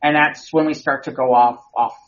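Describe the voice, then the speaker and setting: A man's voice: mid-range voice, fairly even intonation, moderate pace, a bit bright. A man co-hosting a podcast, chatting casually in a rambling way full of restarts. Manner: rambling, with many restarts and repeated words. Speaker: podcast co-host. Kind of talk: casual chat, movie review. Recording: muffled lo-fi audio.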